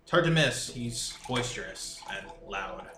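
Measured man with a lively voice. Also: medium pitch, noisy background. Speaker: player. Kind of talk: tabletop game play. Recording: echoey room.

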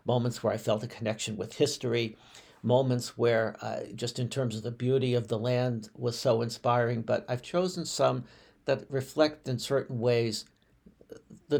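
Gravelly rabbi telling stories. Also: male voice, medium pitch, darkish tone. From United States. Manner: reflective, unhurried, with frequent restarts and fillers. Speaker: rabbi and podcast host. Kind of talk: personal storytelling podcast.

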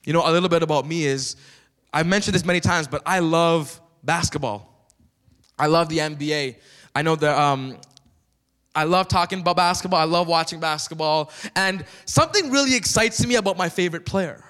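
A man preaching a sermon in church with lively energy, often turning to the congregation with questions. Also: fairly high pitch, moderate pace. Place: church sanctuary. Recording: long reverb of a church hall.

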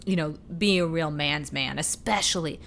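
A woman's voice: low voice, moderate pace, fairly bright tone, slight background noise. A woman co-hosting a podcast, talking casually and animatedly about a film, swearing freely and laughing often. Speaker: podcast co-host. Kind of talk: casual movie discussion.

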